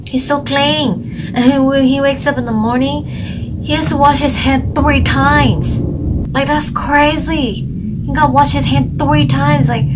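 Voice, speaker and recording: A woman's voice: high-pitched, noisy background. A young woman co-hosting a channel, casually reviewing a TV drama in a rambling, chatty way full of "like". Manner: chatty, rambling, heavy use of "like".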